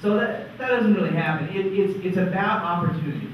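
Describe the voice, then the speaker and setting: A man's voice: high voice, brisk, slight background noise. A man giving a conference talk in a wry, conversational way, often checking in with "right?". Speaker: conference presenter. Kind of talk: lively stage presentation. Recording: echoey hall, far-off dull mic.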